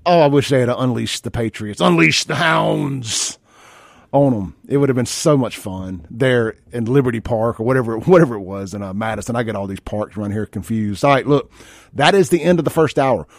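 A man's voice: mid-range voice, a little fast, a little mellow, dry recording, clean studio sound. A man hosting a conservative morning talk radio show, brash and joking, reading live ads in between. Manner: brash, joking, offhand, reads live ad copy. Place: radio studio. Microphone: studio microphone.

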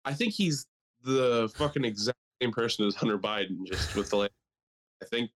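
A young man in loose podcast banter, talking at an everyday middle pitch. He rambles crudely and jokes around, slipping into mocking asides. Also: normal speed. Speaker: podcast co-host. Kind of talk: casual chat.

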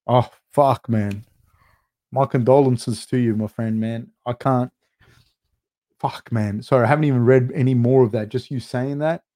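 A man's voice: mid-range voice, steady tone, moderate pace, dark tone. A middle-aged man hosting a live fight recap show, reading viewer comments aloud and answering them in a loose, profane, rambling way with lots of fillers.

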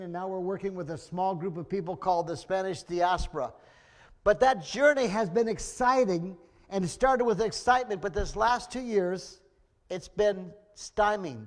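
A middle-aged man preaching a sermon, earnest and emotional, often restarting his sentences. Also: high-pitched.

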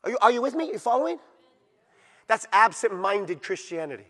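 A man preaching a sermon in a high, bright and forceful voice. He hammers his points with repetition and keeps asking the congregation whether they follow. The sound rings with the long reverb of a church hall. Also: sing-song, fairly quick. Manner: emphatic, repetitive, rhetorical questions to the congregation. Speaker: pastor.

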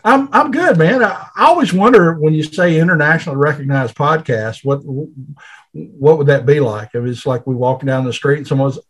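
A man co-hosting a podcast, relaxed and joking, often stammering as he starts a sentence. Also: on the high side, normal speed, slightly rough. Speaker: podcast co-host. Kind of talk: casual podcast talk.

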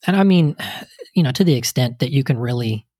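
A man's voice: mid-range voice, expressive, a little fast, darkish tone, no echo, studio quality. A man in casual political chat, speaking hesitantly with frequent "you know" and "um.".

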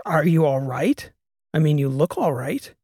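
A man's voice: a little high, lively intonation, unhurried, warm tone, slightly rough, no room sound, clean studio sound. A man voicing an exasperated male historian. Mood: alarmed. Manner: exasperated, demanding questions. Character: agitated male historian, blunt and incredulous.

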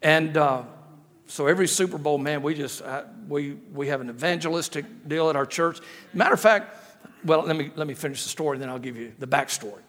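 A man's voice: on the high side, a little fast, a bit bright. A middle-aged man preaching a sermon as a guest preacher, telling humorous stories and repeating phrases with rhetorical questions. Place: church sanctuary. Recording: echoey church hall with long reverb.

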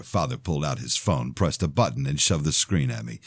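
A man narrating his own novel aloud in an expressive first-person telling. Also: rumbling low, a little fast, hardly any pauses, no room sound, studio quality. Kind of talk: audiobook-style fiction reading.

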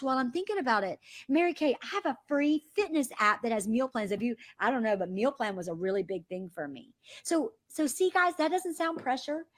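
A woman leads a sales training over a call, talking with bounce and energy. Her voice sits slightly high. She keeps acting out the messages she quotes in quick little voices. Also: fairly bright tone. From American South. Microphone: phone or call line.

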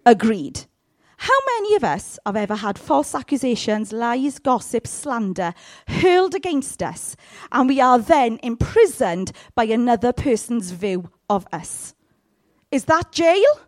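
A woman's voice: fairly high pitch, a little slow. A woman preaching a sermon and reading scripture, often checking in with her congregation. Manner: animated, asks the congregation for responses. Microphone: handheld mic.

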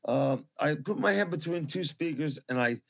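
A man's voice: on the high side, animated, moderate pace. A middle-aged man, a musician guest, talking over a video call in a rambling, effusive and reverent way. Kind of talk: casual interview chat.

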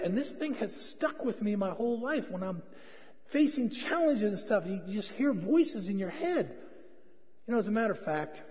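A man's voice: high voice, very animated, normal speed, darkish tone, breathy edge, long reverb tail. A man preaching a sermon as pastor, telling stories in a conversational, self-deprecating way. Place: church hall.

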